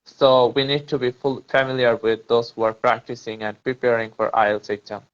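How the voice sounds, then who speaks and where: A man's voice: medium pitch, little pitch movement, moderate pace, clean tone, dull audio. A man talking casually about English accents and exam preparation, hesitant, with many fillers and restarts. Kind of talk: casual conversation practice.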